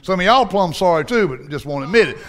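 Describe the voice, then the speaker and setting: A man's voice: high voice, lively intonation, fast. A man preaching a sermon with a Southern accent, in a folksy, down-home style. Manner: folksy, preaching with dialect and acted-out voices.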